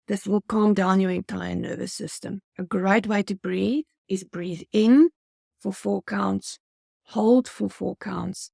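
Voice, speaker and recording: A woman's voice: medium pitch, gravelly, mellow, slightly rough, no room sound, studio quality. A woman giving a motivational customer service training talk, earnest and coaching, speaking straight to her viewers.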